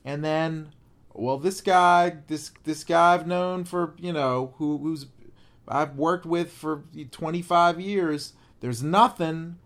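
A man's voice: fairly high pitch, fairly even intonation, takes it slowly, a bit bright. A man co-hosting a podcast, talking casually and earnestly, his voice climbing when he is moved. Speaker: podcast co-host. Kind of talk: casual conversation.

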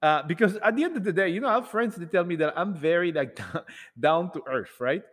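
A man telling a rambling, animated story to an audience in a casual talk, acting out bits of dialogue. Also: high voice, brisk, in a large hall. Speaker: speaker addressing an audience.

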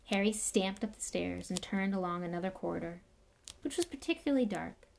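A woman's voice: mid-range voice, animated, brisk, vocal fry, darkish tone, a little hiss or hum. Woman reading a storybook aloud. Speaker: audiobook reader. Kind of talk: storybook narration.

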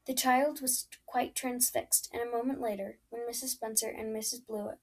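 Female storybook narrator, husky and fairly high, amateur reading with stumbles. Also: steady tone, normal speed, rough recording. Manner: unpolished reading with frequent stumbles and restarts. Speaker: audiobook reader.

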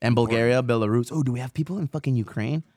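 A man's voice: mid-range voice, fast talker, mellow, no echo. A man hosting a podcast in casual chat, swearing a lot and rambling in slang. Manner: profane, slangy and rambling, calls people dog and bro. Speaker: podcast host.

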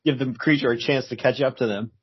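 A man joins a casual podcast chat with easygoing agreement and dry quips. His voice is husky and sits in a middle pitch. The recording is dry and dull, with a lo-fi sound. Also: steady tone, quick pace, no room sound. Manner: laid-back, brief agreeing replies and wry jokes. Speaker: podcast co-host.

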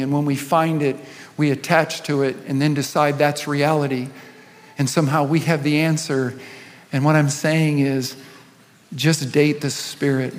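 A man, a senior pastor, preaching a sermon with storytelling and rising and falling intensity. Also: medium pitch. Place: church auditorium. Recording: long hall reverb.

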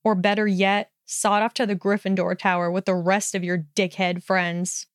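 A contemptuous young man who snarls and sneers at everyone, as a woman reads him aloud. The voice stays smooth and close, with no room sound around it. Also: medium pitch, little pitch movement, moderate pace, no room sound, close to an everyday voice. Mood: snarling. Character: sneering hostile young man, snide bully.

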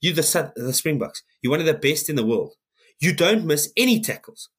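A man's voice: on the high side, sing-song, fairly quick, fairly bright tone, slightly rough. A man, co-hosting a podcast, ranting heatedly in casual chat and swearing often. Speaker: podcast co-host.

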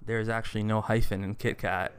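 A man co-hosting a casual podcast runs a quiz game, teasing his guest in a playful quiz-master style. His lowish voice barely moves in pitch and is a little fast, with slight background noise.

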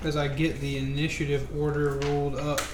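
Man, tabletop GM, halting narration, roomy echo and faint room noise. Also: fairly high pitch, completely flat delivery. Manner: hesitant, filler-heavy narration. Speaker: game master.

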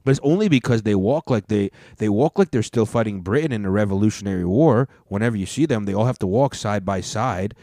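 Profane, rambling low-voiced man. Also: expressive, fairly quick, hardly any pauses, warm tone, dry recording, clean studio sound. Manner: profane, rambling, with frequent restarts. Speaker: podcast host. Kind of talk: casual comedic rant.

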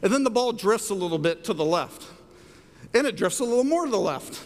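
Animated male pastor in a reverberant hall. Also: brisk. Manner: animated storyteller, rises high for quoted lines. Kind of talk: sermon with storytelling.

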